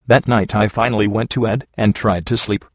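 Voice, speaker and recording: A man reads a first-person life story aloud in a steady, measured way. His voice sits low. The recording is dry and close, with no room sound. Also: no echo. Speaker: narrator. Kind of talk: reading a memoir aloud.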